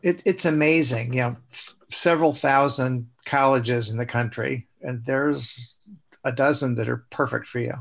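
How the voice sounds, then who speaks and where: Middle-aged man, mid-pitched, casual halting storyteller, gives blunt notes. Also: steady tone, vocal fry. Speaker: colleague giving feedback on a sales demo. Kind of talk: casual chat.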